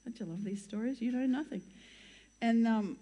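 A woman's voice: a little high, moderate pace, warm tone, lo-fi sound. An older woman telling her life story as a church testimony, chatty and rambling, often breaking off mid-sentence and laughing. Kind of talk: chatty personal storytelling to an audience.

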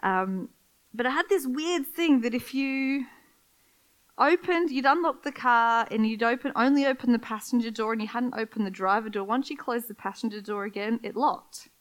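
A woman's voice: fairly high pitch, moderate pace, rough recording. A woman preaching a sermon, reading scripture and telling personal stories in a candid, conversational way.

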